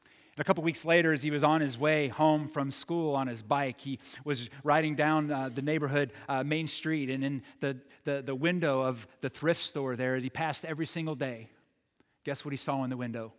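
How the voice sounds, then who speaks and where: A man telling a story in a halting way, repeating words and moving from excited to hushed. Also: medium pitch, in a large hall. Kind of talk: told story.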